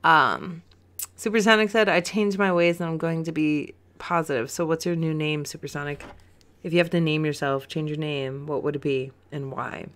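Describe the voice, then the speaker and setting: A woman's voice: low-pitched, steady tone, moderate pace, a bit bright. A young adult woman co-hosting a casual podcast, reading chat comments with giggles and lots of ums and likes. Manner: giggly, rambling, many "um"s and "like"s.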